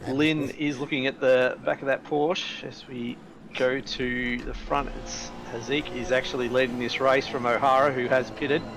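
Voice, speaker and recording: A man's voice: mid-range voice, level tone, normal speed, crowd noise. Man calling sim race play-by-play. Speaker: race commentator.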